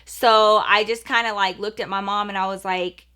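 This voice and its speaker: A young woman telling a storytime on her vlog, chatty and animated, full of fillers, acting out what her mom said. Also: medium pitch, moderate pace, smooth. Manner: acts out quoted voices of her mom. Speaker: vlogger.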